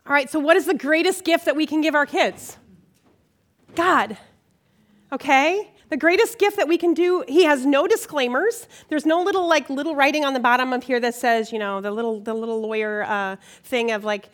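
A middle-aged woman giving a conversational sermon at a church gathering, animated and emotional, often checking in with her listeners. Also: high-pitched, normal speed. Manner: animated, emotional, frequent "okay?" check-ins. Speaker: women's ministry speaker.

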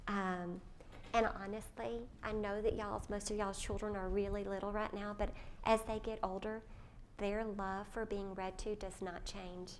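A woman speaks to a room of mothers. She tells a family story and grows animated when she quotes her younger self, over faint background noise. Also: mid-range voice, moderate pace. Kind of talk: personal talk to mothers.

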